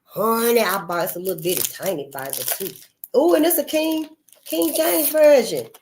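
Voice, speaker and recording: A woman's voice: on the high side, expressive, normal speed, a little mellow, a little hiss or hum. Emphatic folksy woman talking to viewers. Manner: emphatic, folksy, addresses listeners as honey and y'all. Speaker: channel host. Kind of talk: casual spoken monologue to viewers.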